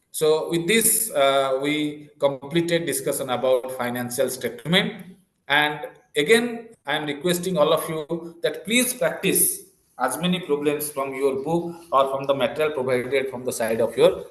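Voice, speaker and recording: A man's voice: a little high, fairly bright tone. A man teaching an online class over a video call, explaining step by step and often checking whether students follow. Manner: explains step by step, repeats key points, checks "clear?" and "okay". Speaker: commerce lecturer. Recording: roomy echo.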